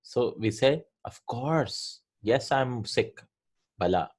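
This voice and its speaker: A man's voice: medium pitch, animated, takes it slowly, darkish tone, breathy edge. A man teaching an Arabic grammar lesson from a textbook, explaining each point and often checking with "right?".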